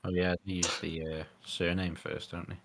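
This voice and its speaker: A man's voice: sits low, little pitch movement, normal speed, creaky, a bit bright. A man co-hosting a podcast, rambling in casual chat with tag questions and hearty laughs. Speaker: podcast co-host.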